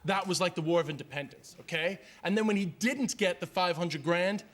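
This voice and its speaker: A man, a comedian guest on a TV talk show, ranting animatedly and swearing in a quick stand-up style. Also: sits high, fairly bright tone. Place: TV studio with live audience.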